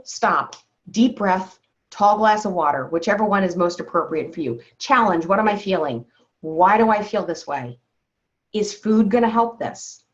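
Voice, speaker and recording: Woman health coach, mid-pitched, encouraging, coaxes "okay?" often; dull lo-fi call line. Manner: frequently checks in with "okay?"; encouraging, walks listeners through breathing exercises. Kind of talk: coaching talk on a group call. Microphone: call-in phone or computer mic. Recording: slightly dull, lo-fi call audio.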